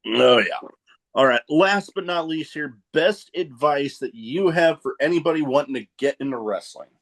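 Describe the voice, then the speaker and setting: A man's voice: fairly high pitch, moderate pace, a bit bright. A man hosting a casual podcast interview in an easygoing, chatty manner with casual swearing. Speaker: podcast host.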